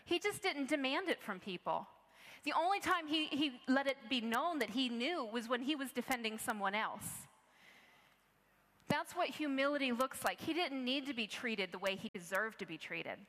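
A woman delivers a sermon in an earnest, conversational manner, often restarting her sentences as she tells a personal story. Her voice sits a little high and sounds bright and forceful. It echoes with the long reverb of a large church hall. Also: expressive, moderate pace. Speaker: preacher.

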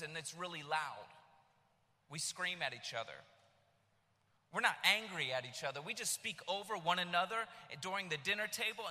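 A man in his thirties from the United States preaching a sermon, telling his story with animated bursts of shouting. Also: high-pitched. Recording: long reverb of a large hall.

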